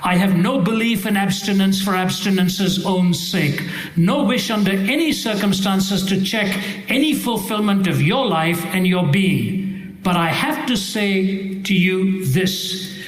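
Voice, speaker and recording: A middle-aged preacher with a notably high voice delivers an emphatic, rhetorical sermon. He races through some phrases and leans slowly on others. His voice rings with the roomy echo of a large hall. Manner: emphatic, rhetorical, shifts between rapid bursts and slow deliberate stresses.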